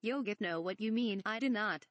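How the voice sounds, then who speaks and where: Brief: woman voicing a mischievous little old swamp creature, backwards phrasing, plain pitch, no room. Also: normal speed, no room sound, lightly acted. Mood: teasing. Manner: speaks with inverted word order. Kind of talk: reading a fan parody script aloud.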